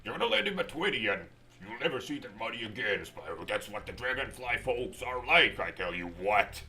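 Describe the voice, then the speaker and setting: A man's voice: medium pitch, big pitch swings, a little fast, pushed and bright, pitched above the performer's own voice, exaggerated voice. A man voicing a folksy, distrustful old male dragon as a joke while playing a game.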